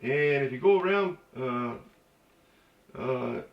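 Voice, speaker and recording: Halting man teaching, echoey distant sound. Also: medium pitch, lively intonation, creaky. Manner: halting, many fillers and restarts, joking asides. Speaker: language teacher. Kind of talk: casual spoken language lesson. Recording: echoey dull recording from a distance.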